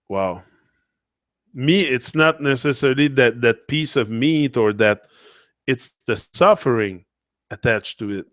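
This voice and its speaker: An earnest man with a mid-range voice delivers an impassioned motivational monologue, recorded dry with no echo. He's emotional and repeats himself often.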